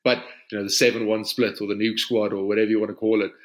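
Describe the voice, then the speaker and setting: A South African rugby player, an Afrikaans speaker, answering questions in a casual podcast interview in an easygoing way. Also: male voice, lowish voice, quick pace. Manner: relaxed, easygoing answers with frequent "you know".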